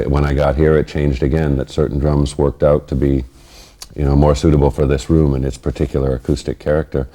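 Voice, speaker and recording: A middle-aged man in a recording studio, explaining drum fills in a measured, thoughtful way. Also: a bass voice, mellow, dry recording. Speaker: drummer giving a lesson. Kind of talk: instructional explanation.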